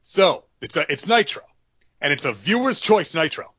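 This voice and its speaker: A man's voice: on the high side, lively intonation, normal speed, sharp tone, breathy edge, no room sound, muffled recording. A man hosting a podcast, spinning a story in rambling, filler-heavy casual chat. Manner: rambling, with many fillers and restarts. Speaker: podcast host.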